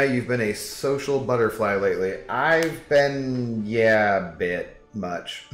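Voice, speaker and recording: A young man casually chatting with viewers during a game livestream, rambling and reading chat messages aloud. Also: fairly low pitch. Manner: laid-back, rambling, reads chat aloud. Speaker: game streamer. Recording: echoey room with background music.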